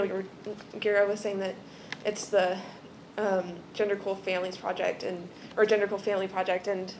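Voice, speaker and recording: A woman's voice: on the high side, slight background noise. Tearful young woman giving a speech. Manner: tearful, laughing, loses her place. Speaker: award speaker. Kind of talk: emotional acceptance speech.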